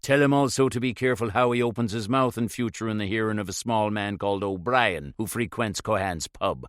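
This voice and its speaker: Cool irish highwayman, light but bossy, a bit lowish voice, guy reading it. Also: a little fast, clear, resonant tone, dry recording, clean studio sound, close to an everyday voice. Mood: urgent. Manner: light and commanding. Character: bold masked rider putting on Irish brogue.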